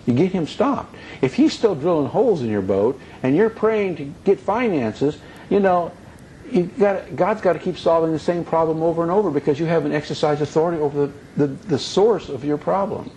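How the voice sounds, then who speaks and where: Guy giving a relaxed bible lesson, folksy and rambling, slight background noise. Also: a little high, moderate pace, low-quality recording. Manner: folksy, repetitive teaching with asides. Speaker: Bible teacher. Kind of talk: conversational sermon.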